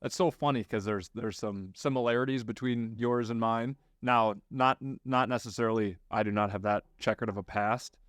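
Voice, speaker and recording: A young man hosts a podcast and tells his own story in an earnest, eager way, speeding up as he goes. His voice sits at an ordinary pitch for a man. The sound is close and dry. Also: fairly even intonation, moderate pace, hardly any pauses, no room sound. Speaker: podcast host. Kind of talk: casual podcast chat.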